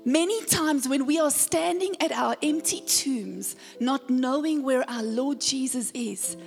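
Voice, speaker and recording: In a church sanctuary, a woman pastor delivers a sermon in a high, bright voice with vocal fry, moving at a measured pace with hardly any pauses while taking her time over each phrase. She retells the story dramatically and repeatedly calls on the congregation to respond. A long church reverb surrounds her, with faint music underneath.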